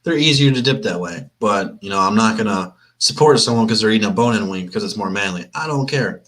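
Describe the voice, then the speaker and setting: A man's voice: lowish voice, lively intonation, quick pace, fairly bright tone. Laid-back, rambling man on a livestream. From Flint, Michigan. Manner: rambling, chatty, laid-back, repeats himself. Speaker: sports livestream host. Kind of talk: casual chat on a live stream.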